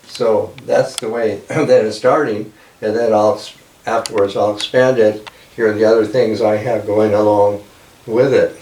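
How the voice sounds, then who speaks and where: A man telling a folk tale in a casual, halting way, with many fillers, recorded with a roomy sound from a distance. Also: lowish voice, fairly even intonation, a little mellow, slight background noise. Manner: halting, lots of "you know" and "like that". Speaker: storyteller. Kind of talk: casual oral storytelling.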